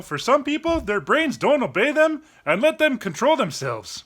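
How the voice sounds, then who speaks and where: A man's voice: very high voice, a bit bright, full character voice. A man voicing a playful young male dog who hosts a children's lesson on feelings, acting out each emotion with sudden cries. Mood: earnest explaining. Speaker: children's show host. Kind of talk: kids' educational explainer.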